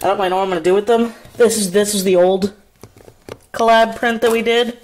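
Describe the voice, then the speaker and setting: With a mid-range, slightly mellow voice, fairly even intonation and a fast delivery, a woman artist vlogs casually. She rants and swears a lot while venting, then chats while showing her prints. The recording is rough, with slight background noise.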